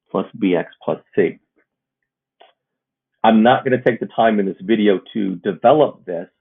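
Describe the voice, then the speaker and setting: The husky male voice sits at a fairly low pitch as he walks viewers through math problems step by step in a recorded video. He explains steadily, though the recording has a muffled, phone-like quality.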